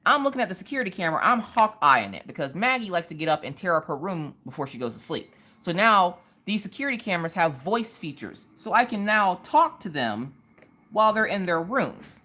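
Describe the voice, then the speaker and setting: Chatty woman with a low, lively voice. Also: brisk. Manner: chatty, greets viewers, tells stories. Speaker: livestream host. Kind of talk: casual livestream chat.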